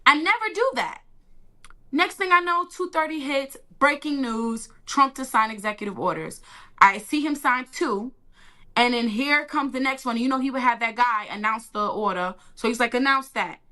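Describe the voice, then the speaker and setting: Bright-voiced woman telling her story. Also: fairly high pitch, normal speed. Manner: animated storytelling, acts out quotes, colloquial. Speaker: interview guest. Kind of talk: emotional personal testimony.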